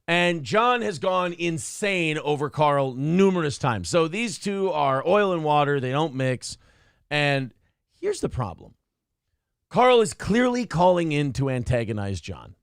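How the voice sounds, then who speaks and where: Gravelly, blunt male talk-show host. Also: on the high side, big pitch swings, unhurried, dry recording, clean studio sound. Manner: blunt, ranting, mocks others with put-on voices. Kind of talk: casual profane commentary.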